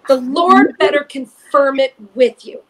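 A woman co-hosting a faith podcast, telling an animated personal story and repeating phrases for emphasis. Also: sits high, a little slow, slight background noise. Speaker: podcast co-host. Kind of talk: casual chat, storytelling testimony.

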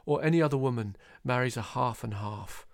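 A man's voice: medium pitch, brisk, dry recording, studio quality, close to an everyday voice. Guy doing a scornful old pub patriot, blunt.

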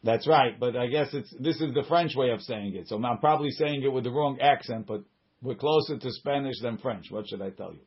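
Guy teaching talmud, reads the text then explains in english, kinda husky voice, dull lo-fi sound. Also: medium pitch, brisk. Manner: reads Hebrew and Aramaic then explains in English, with restarts and side remarks. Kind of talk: Talmud study class, reading and translating.

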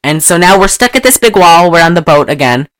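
Casting note: chatty woman host, lively swooping pitch, dry close sound, rambling recap with mock accents. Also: fairly quick, no echo. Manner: rambling and animated, breaks into loud laughter and mock accents. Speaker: podcast host recapping a film. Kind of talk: casual chat.

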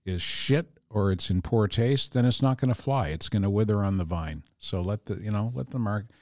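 A man with a fairly low voice talks bluntly and at an even pace as a guest on a podcast, often sinking into a quieter mutter. The sound is dry and close to the mic. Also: normal speed, no room sound. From Canada. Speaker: radio personality, podcast guest. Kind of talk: casual podcast chat.

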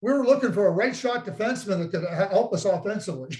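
A man co-hosting a podcast, telling stories in a teasing, animated way. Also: high-pitched, quick pace, echoey room, rough recording. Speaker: podcast co-host, former hockey executive. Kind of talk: casual storytelling chat.

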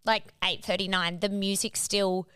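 A woman's voice: medium pitch, little pitch movement, normal speed, sharp tone, clear, resonant tone, no echo, studio quality. A woman co-hosting a podcast, telling a story in casual chat, swearing freely and acting out quotes. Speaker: podcast co-host.

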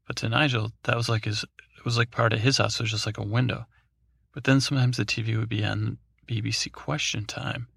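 Gravelly man rambling a bedtime story. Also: mid-range voice, steady tone, a little fast, fairly bright tone, no echo, studio quality. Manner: meandering, drowsy, full of fillers and restarts. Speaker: podcast host.

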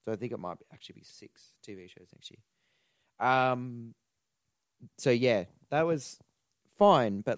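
A man's voice: medium pitch, lively intonation, a little slow, long pauses, no echo. A man co-hosting a podcast in casual chat, joking and swearing as he rambles about movies. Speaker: podcast co-host.

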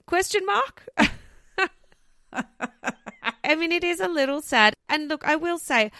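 Woman, comedy podcast co-host, animated storyteller, fairly high voice, dry sound. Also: brisk, no room sound. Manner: animated storytelling, swearing and laughing. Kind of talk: casual comedy podcast chat.

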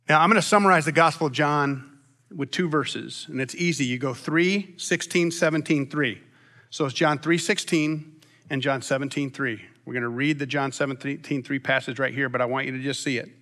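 A man preaching a sermon as pastor, long-winded and animated, with frequent restarts. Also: medium pitch, moderate pace.

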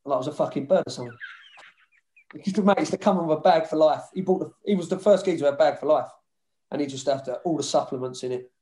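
A man's voice: a little high, fast talker, mellow, roomy sound. A man with a London accent, a former footballer telling dressing-room stories in a casual chat, swearing freely and laughing often. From London (Hackney).

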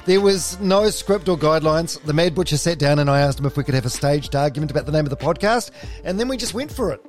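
A man's voice: a little high, animated, soft background music. A man hosting a podcast in a chatty, jokey way. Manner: chatty, jokey, quick to laugh. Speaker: podcast host.

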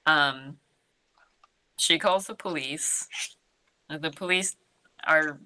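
This young podcast co-host walks through a movie in a casual, giggly recap, acting out the characters' lines as she chats. Her low voice is bright and forceful, and she talks slowly.

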